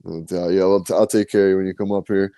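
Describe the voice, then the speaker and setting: A man's voice: deep voice, flat delivery, fast talker, mellow, dry recording. A man from New hosting a podcast, bantering in a loose, slangy, enthusiastic way. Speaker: podcast host. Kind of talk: casual interview chat. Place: podcast studio.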